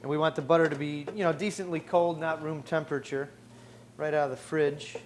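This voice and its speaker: A man with a slightly higher voice hosts a cooking demonstration from a studio kitchen. He explains each step in an upbeat, joking way, with a faint murmur of background noise. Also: steady tone, brisk. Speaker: cooking show host.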